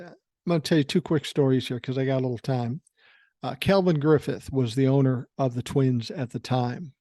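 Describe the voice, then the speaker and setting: Sixties male podcast host from Minnesota, middle pitch, swears freely through casual anecdotes, dry close recording. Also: warm tone, dry recording. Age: 60s. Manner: profane, rambling anecdotal delivery. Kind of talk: casual storytelling.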